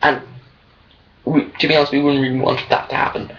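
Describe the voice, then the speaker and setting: A woman's voice: extremely low pitch, fairly quick, vocal fry, pauses often. Ranting woman, lo-fi recording. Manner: ranting, animated, digressive. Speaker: fan commentator. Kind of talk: opinionated casual monologue. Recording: dull lo-fi recording.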